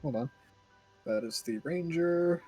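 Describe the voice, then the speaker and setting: A man narrating as game master of a tabletop game in a relaxed way, laughing often. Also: fairly high pitch, measured pace, soft background music. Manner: laid-back, laughing often.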